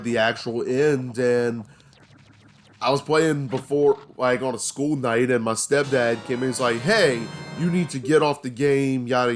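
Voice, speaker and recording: A man's voice: mid-range voice, slight background noise. Young male let's player, casual storyteller, slightly strained throat. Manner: rambling storytelling with many fillers. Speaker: let's play host. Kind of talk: casual gaming commentary.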